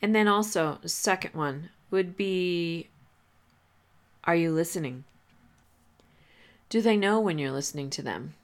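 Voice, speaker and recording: A woman hosting a podcast, giving advice in a relaxed, conversational way with many fillers and restarts. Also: lowish voice, measured pace, pauses often. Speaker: podcast host. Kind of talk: casual advice talk.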